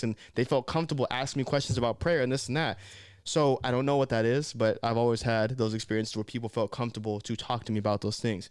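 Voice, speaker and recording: Young male vlogger, quick slangy storytelling, smooth clear voice, dry close sound. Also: mid-range voice, dry recording. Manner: slangy, animated, conversational. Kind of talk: casual storytelling.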